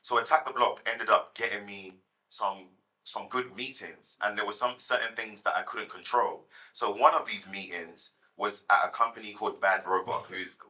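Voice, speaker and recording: A man in his thirties, a guest at a fireside chat, telling lively anecdotes to a live audience and repeating words as he goes. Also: lowish voice, moderate pace, low-quality recording.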